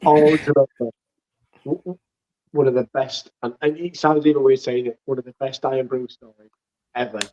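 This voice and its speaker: A man with a Northern English accent on a casual fan podcast, lively as he tells anecdotes. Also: mid-range voice, brisk, long pauses, a little hiss or hum. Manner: lively anecdote teller, laughs through stories. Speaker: podcast co-host. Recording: slightly dull lo-fi audio.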